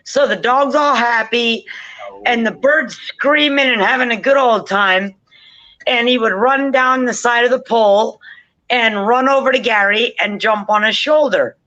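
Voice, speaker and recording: A woman's voice: fairly high pitch, unhurried, bright, forceful tone, dull audio. A woman telling a casual story, chatty and swearing freely, often laughing. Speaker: forum regular.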